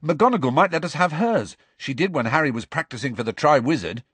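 A man voicing an eager teenage schoolboy, quick to agree. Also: a little high, lively intonation, fairly bright tone, breathy edge, no echo, pitched above the performer's own voice.

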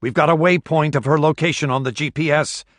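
A man narrating an audiobook voices a ruthless male captor, giving loud, clipped commands across a boat deck. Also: lowish voice, moderate pace, no echo, studio quality. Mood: commanding.

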